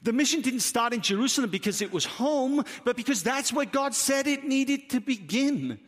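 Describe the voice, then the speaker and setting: A man's voice: very high-pitched, expressive, moderate pace. A man with a Welsh accent, preaching a sermon as pastor, emphatic and full of rhetorical questions. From Wales. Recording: reverberant hall.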